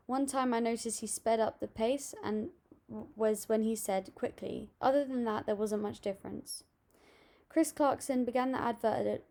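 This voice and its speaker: A young woman reading out a school assignment on voice techniques, steady and a little halting, with small restarts. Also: medium pitch. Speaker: student presenting an assignment. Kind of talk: read-aloud school presentation.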